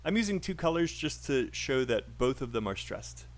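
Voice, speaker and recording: A man's voice: mid-range voice, very animated, normal speed. A man with a British accent teaching a live online English pronunciation class, upbeat and encouraging with frequent fillers.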